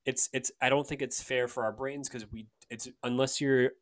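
A man in his late twenties co-hosting a casual podcast chat, speaking haltingly with many restarts and casual swearing. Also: medium pitch, steady tone. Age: late 20s. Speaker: podcast co-host.

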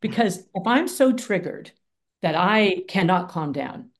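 Middle-aged woman mediator, punchy and emphatic, slightly low pitch, interview guest. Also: unhurried. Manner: emphatic, punchy and animated, acts out quoted speech. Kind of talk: conversational interview.

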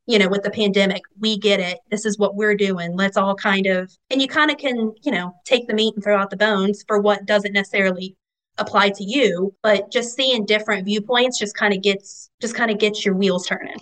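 A woman's voice: mid-range voice, fairly even intonation, brisk, fairly bright tone, rough recording. Casual female guest: shop owner, rambling chatter with many fillers. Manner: chatty, rambling, lots of fillers like "you know". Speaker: guest, vendor market owner. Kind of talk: casual interview chat.

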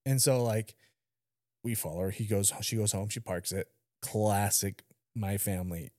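A man's voice: fairly low pitch, moderate pace, no echo, clean studio sound. A young adult man co-hosting a podcast, telling rowdy stories in casual chat, swearing and acting out what people said. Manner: animated storyteller, swearing, acting out quotes. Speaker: podcast co-host.

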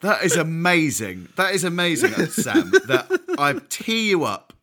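A man's voice: on the high side, very animated, unhurried, bright, forceful tone. A man in casual podcast chat, teasing and joking with his co-host.

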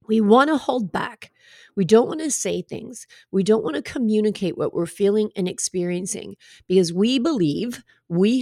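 A woman's voice: medium pitch, darkish tone, no room sound. Earnest woman coach, dry close sound. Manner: passionate, earnest and emphatic; conversational, speaking directly to the listener. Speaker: breast cancer coach.

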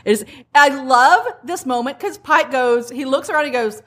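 A woman's voice: high voice, moderate pace. A woman from the American South, animatedly retelling book scenes in casual chat. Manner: animated storyteller, says y'all.

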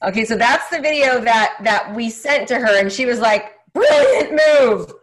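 A woman's voice: fairly high pitch, moderate pace, a bit bright, poor audio. A woman host talking casually, stopping and restarting while she plays clips. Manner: loose, self-interrupting, fumbling with playback. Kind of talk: casual presentation.

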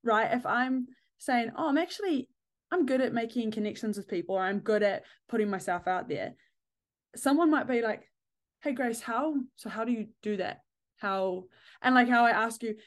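Animated higher-voiced woman host. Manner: animated, laughing, acts out quoted speech. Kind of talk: casual interview conversation.

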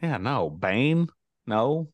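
A man's voice: medium pitch, big pitch swings, very slow, no room sound. A man co-hosting a casual podcast chat, teasing his partner and often trailing off mid-sentence. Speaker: podcast co-host.

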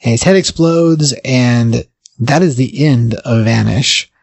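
Podcast guy rambling thru a comic plot, lots of uh and like, mid pitch, super dry mic. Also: slow pace, gravelly, darkish tone, no echo. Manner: rambling retelling, full of fillers. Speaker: podcast co-host. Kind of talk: casual comic book recap.

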